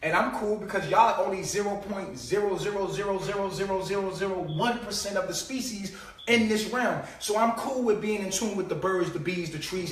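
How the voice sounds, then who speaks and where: A man with a high voice gives a loose, preachy monologue on a live stream. He swears freely, laughs at his own points and keeps firing rhetorical questions. The sound is roomy and distant, as if he sits well back from the mic. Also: slight background noise.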